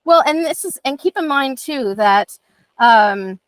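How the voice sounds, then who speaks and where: A woman's voice: high-pitched, unhurried, no room sound. A middle-aged woman, teaching a dog training class in a casual, chatty way, often acting out what her dogs think. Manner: chatty, acts out her dogs' thoughts in lively voices.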